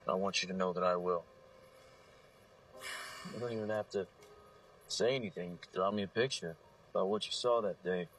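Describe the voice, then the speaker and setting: A gentle, deep-voiced man soothing a child. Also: fairly even intonation, moderate pace, long pauses. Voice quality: soft, patient, reassuring. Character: gentle grown man coaxing a scared child. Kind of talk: TV drama clip. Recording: distant voice, faint background noise.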